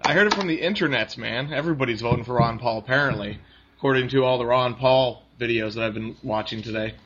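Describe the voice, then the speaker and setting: A man's voice: medium pitch, fast, noisy background. A man chatting casually about politics, rambling, laughing often and mimicking other people's voices. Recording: dull lo-fi recording.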